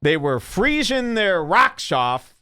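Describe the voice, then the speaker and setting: A man hosting a podcast, delivering a mocking comedic rant with exaggerated swings between loud and low. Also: big pitch swings, takes it slowly, smooth, no echo. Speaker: podcast host. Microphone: studio microphone.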